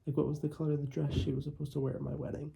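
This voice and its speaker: A man's voice: a little high, level tone, very fast, vocal fry, mellow, husky, heavily acted. A man voicing an angry young woman protecting her family, speaking in a bitter, accusing way. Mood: cold.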